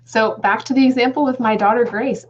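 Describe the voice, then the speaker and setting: A woman's voice: a little high, fairly even intonation, brisk, slight background noise. A woman in her thirties giving an upbeat motivational talk on a live webinar, speaking to viewers as friends. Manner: enthusiastic, addresses viewers as friends and guys. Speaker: guest speaker on goal setting. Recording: slightly dull lo-fi webinar audio.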